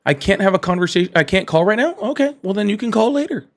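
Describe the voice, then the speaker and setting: A man hosting a live political call-in stream, blunt and argumentative, quick to cut callers off. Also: high voice, expressive. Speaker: livestream host.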